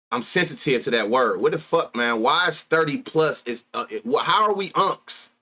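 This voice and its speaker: A man's voice: on the high side, lively intonation, moderate pace, pushed and bright. A man in his thirties with an African American Vernacular English accent, hosting a sports betting live stream with loose, crude, laughing banter. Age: 30s.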